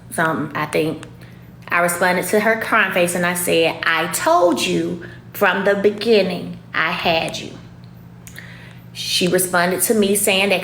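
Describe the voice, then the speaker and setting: Animated woman ranting in an echoey room. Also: medium pitch, slight background noise. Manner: animated, emphatic, repeats herself. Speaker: show host addressing critics. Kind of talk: casual direct-to-camera rant.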